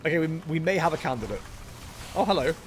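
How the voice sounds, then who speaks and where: A man's voice: fairly high pitch, lively intonation, quick pace, slight background noise. A young man giving casual, jokey gameplay commentary as a streamer, chatting with his viewers. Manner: jokey, self-mocking, chatty with chat. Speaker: game streamer.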